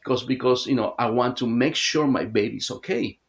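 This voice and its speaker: Rambling man telling a long story. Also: mid-range voice. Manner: rambling, halting storytelling with many restarts. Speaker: hypnotherapist guest. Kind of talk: casual interview storytelling.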